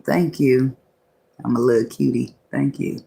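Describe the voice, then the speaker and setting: A woman's voice: extremely low pitch, steady tone, unhurried, creaky, mellow. A woman giving a casual tarot reading, talking loosely, laughing often and cursing freely as she thinks aloud. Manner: muses aloud, often restarting thoughts. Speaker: tarot reader.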